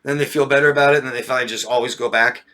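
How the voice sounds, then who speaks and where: A man talks casually as a relationship coach, his voice bright and keen. He keeps checking in with listeners with a "yeah?" or "right?", laughs often, and slips into raised, mocking voices to act out friends. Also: medium pitch, steady tone, rapid-fire. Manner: occasional swearing. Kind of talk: casual talk to viewers.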